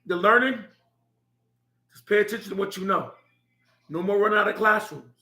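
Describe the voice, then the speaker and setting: Middle-aged dad telling a warm story about his kid, high pitched, roomy echo. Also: creaky. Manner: heartfelt, laughing as he tells it. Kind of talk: personal storytelling. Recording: echoey room.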